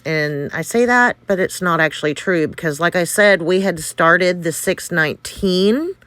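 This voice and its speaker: A woman recounts a story at an unhurried pace, full of fillers, laughter and casual swearing. Her voice is smooth and clean, recorded dry and close. She sounds a little out of breath. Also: fairly low pitch, fairly bright tone, no echo. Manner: rambling, many fillers, laughs often, candid swearing. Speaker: game community member recounting events.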